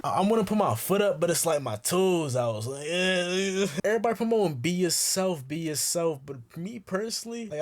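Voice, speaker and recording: A man's voice: on the high side, a little mellow. Rambling young man musing to camera. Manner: rambling, slangy, talks straight to the viewer. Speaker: YouTuber. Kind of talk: casual vlog monologue.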